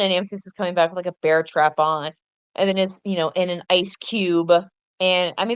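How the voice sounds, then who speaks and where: A woman's voice: on the low side, fairly even intonation, a little fast, smooth, no echo. A woman co-hosting a cartoon recap podcast, chatting with enthusiasm and stopping to correct herself mid-thought. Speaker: podcast co-host. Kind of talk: casual chat.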